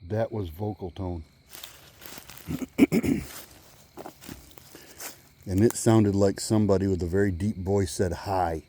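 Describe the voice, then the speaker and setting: A man vlogging on a walk through the woods, musing in halting speech and now and then calling out loudly. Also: low voice, fairly even intonation, slight background noise. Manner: musing, halting, with sudden loud call-outs. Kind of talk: rambling walk-and-talk vlog. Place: outdoors in woods.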